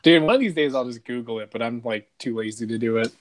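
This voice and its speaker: A man's voice: mid-range voice, quick pace. A man co-hosting a podcast in casual chat, rambling and profane, with lots of "dude" and "like". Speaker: podcast co-host.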